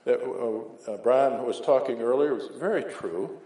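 A man's voice: mid-range voice, moderate pace, dark tone. Folksy preacher man in an echoey hall. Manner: folksy, conversational, asks "right?" often. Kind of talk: informal sermon with anecdotes. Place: church hall.

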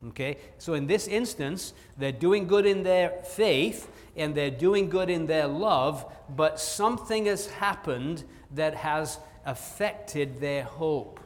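A man's voice: fairly high pitch, lively intonation, slow pace, hardly any pauses. A man preaching an evening Bible teaching sermon, earnest and emphatic, with frequent "uh" fillers and asides. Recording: long hall reverb.

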